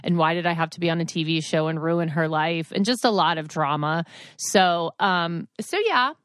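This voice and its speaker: A woman's voice: on the low side, normal speed, a bit bright, no echo. A woman in her forties hosting a podcast, telling a rambling story in a chatty, casual way with plenty of asides. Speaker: podcast host.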